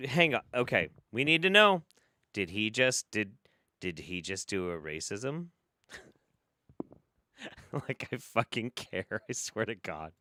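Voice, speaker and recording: A man's voice: lowish voice, sing-song, slow pace, pauses often, pushed and bright, no echo, studio quality. A man hosting a live stream, casually reacting to clips with laughter, swearing and rambling asides. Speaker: streamer host.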